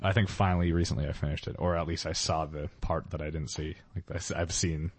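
Deep-voiced, laid-back podcast co-host. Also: male voice, steady tone, fast talker, husky, no room sound. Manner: loose, laid-back, uses "like" often, trails off mid-sentence. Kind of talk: casual chat. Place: small podcast studio.

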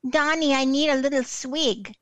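A woman's voice: sits high, fairly even intonation, moderate pace, fairly bright tone, no room sound, voice pushed up. A woman putting on a generic foreign accent to voice a sulky, cold glamorous first lady.

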